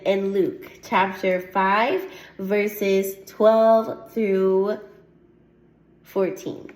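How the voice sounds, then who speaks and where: A woman's voice: medium pitch, a little mellow. Earnest woman preaching in an echoey room. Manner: earnest, repeats "Amen" often, laughs lightly. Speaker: host of a faith testimony show. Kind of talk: teaching sermon with scripture reading.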